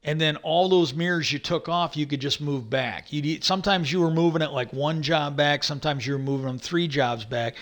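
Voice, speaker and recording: A man's voice: a little high, normal speed, few pauses, a bit bright. A man telling a long work story in a casual, rambling monologue, swearing often and repeating "I go" as he retells what he said.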